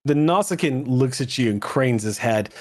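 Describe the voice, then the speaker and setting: A man's voice: medium pitch, lively intonation, moderate pace. A man running a tabletop role-playing game, narrating scenes and explaining the rules with plenty of fillers. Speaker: game master.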